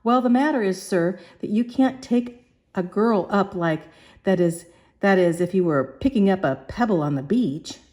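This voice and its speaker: A woman's voice: medium pitch, expressive, normal speed, darkish tone, close to an everyday voice. A woman voicing a firm, proper middle-aged housekeeper who speaks in a scolding, insistent way. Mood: protesting.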